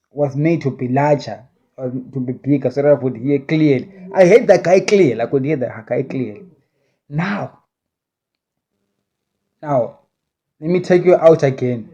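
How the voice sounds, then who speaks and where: Man, a bit high-pitched, mellow dark tone, rambling monologue, recounting a vision. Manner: rambling, with many restarts and hedges. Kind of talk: casual spoken monologue.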